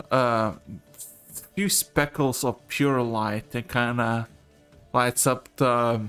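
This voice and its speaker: A man's voice: mid-range voice, a bit bright, clear, resonant tone. A man narrating as game master of a tabletop game, rambling with restarts and casual swearing.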